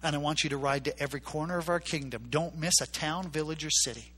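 Bright-voiced man preaching a story. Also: a little high, quick pace, slightly rough. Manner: acts out characters' voices, emphatic repetition. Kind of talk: sermon storytelling.

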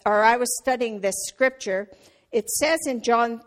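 A middle-aged woman giving a conversational sermon, with fillers and restarts, who gets loud and animated telling a family story. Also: fairly high pitch, unhurried. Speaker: church speaker.

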